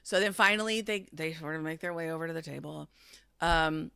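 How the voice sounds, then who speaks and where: A woman's voice: low voice, a little fast, gravelly, bright, forceful tone, clean tone, dry recording. A woman hosting a podcast, telling a reality-TV recap in a chatty, storytelling way and swearing freely. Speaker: podcast host.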